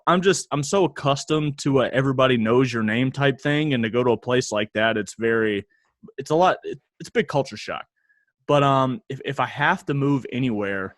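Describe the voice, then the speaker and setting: A young man co-hosting a casual podcast, talking in a relaxed, thinking-aloud way. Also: medium pitch, no echo, clean studio sound. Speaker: podcast co-host. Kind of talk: casual chat.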